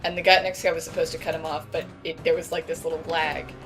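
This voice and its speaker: A woman's voice: deep voice, little pitch movement, fast, music in the background. A woman co-commentating on a video game in casual, talkative chat.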